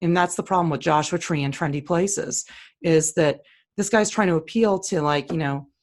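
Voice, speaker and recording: A woman's voice: deep voice, normal speed. A woman co-hosting a casual talk, walking through listings on screen in a blunt, opinionated, plain-spoken way. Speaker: co-host. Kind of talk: casual screen-share commentary.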